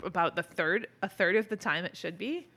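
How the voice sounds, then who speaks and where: A woman's voice: lowish voice, a little fast, fairly bright tone, slightly rough. A woman co-hosting a comedy podcast, recapping a show with dry, playful banter. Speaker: podcast co-host. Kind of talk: comedic episode recap chat.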